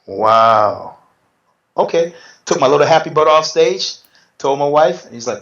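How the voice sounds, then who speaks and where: Brief: man, middle-aged, relaxed storyteller who voices other people's lines, roomy slightly dull recording. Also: medium pitch, brisk. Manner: animated, acts out quotes in other voices. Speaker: interview guest, retired bodybuilder. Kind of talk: casual storytelling.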